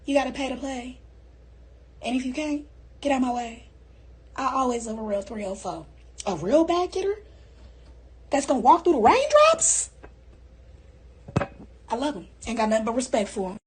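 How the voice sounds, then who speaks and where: A woman with a high voice, talking with sass to the camera. She gives advice and mimics other people. The tone is casual and loose. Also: big pitch swings, moderate pace, pauses often, breathy edge. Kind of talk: casual vlog rant.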